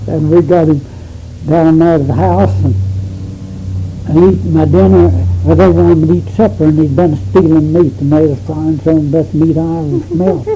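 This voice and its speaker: A man's voice: fairly high pitch, moderate pace, mellow, a little hiss or hum, poor audio. An older man, telling a rambling, folksy story as an interviewee and chuckling as he goes. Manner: rambling, folksy, laughs as he tells it.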